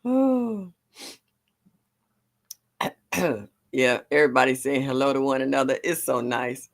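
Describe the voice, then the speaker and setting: A woman's voice: rumbling low, steady tone, moderate pace, creaky. An older woman hosting a casual live stream, chatty and emotional, greeting her viewers by name between sighs and laughs. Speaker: livestream host.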